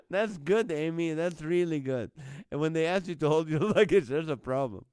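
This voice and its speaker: A man's voice: fairly high pitch, expressive, unhurried, pauses often, darkish tone, clean tone, no room sound. A man hosting a live online comedy show, reading out viewer jokes, greeting viewers by name and laughing often at the lines.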